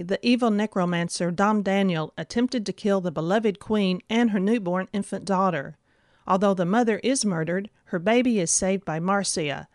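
A woman's voice: medium pitch, no echo, studio quality. A woman giving a scripted, enthusiastic book review. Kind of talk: scripted narration.

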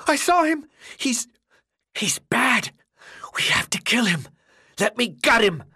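A man voicing a frantic teenage boy who shrieks wild accusations in a shrill, unhinged voice. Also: lively intonation, moderate pace, a bit bright, full character voice. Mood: manic shrieking.

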